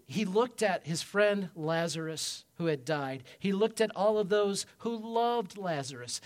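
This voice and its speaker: A man preaching a sermon as pastor, emphatic, swinging from loud peaks to quiet low passages and calling for amens. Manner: asks the congregation for amens.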